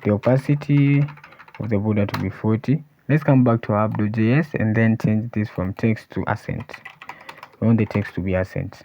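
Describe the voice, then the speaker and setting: Low-voiced man thinking aloud while coding. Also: steady tone, moderate pace, a little hiss or hum. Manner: thinks aloud while typing, frequent "let's see". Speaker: coding tutorial instructor. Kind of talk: screen-recorded coding walkthrough. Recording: dull lo-fi voice recording. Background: keyboard typing and clicks.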